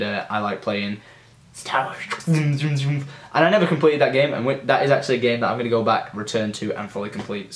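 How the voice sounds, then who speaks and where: A young man rambles through childhood stories as a gaming vlogger, loose and chatty with plenty of swearing. His voice sits at an ordinary middle pitch. The room echoes noticeably around him. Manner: chatty, loose, swears freely, many fillers. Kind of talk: casual storytelling.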